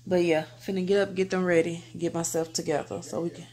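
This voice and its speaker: A young woman vlogger chatting casually to her viewers, relaxed and slangy. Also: fairly low pitch, fast. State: out of breath at times. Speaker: family vlogger. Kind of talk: casual vlog chat to camera.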